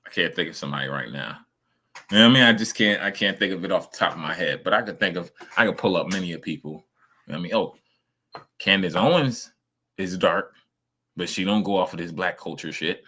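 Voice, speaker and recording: A man's voice: deep voice, quick pace, pushed and bright. A man streaming casual reaction commentary, ranting emphatically and swearing a lot.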